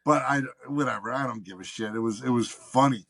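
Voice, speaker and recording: A man appears as a podcast guest, spinning a long anecdote in casual, profane conversation and voicing the people he quotes. He speaks in a mid-range voice at a fairly quick clip.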